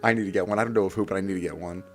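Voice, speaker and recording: Excitable streamer guy, fairly low voice, theatrical repeats, faint music bed. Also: very fast. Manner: excitable and animated, swinging from hushed to loud bursts; playfully theatrical, repeats lines for effect. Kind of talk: casual storytelling to a live stream.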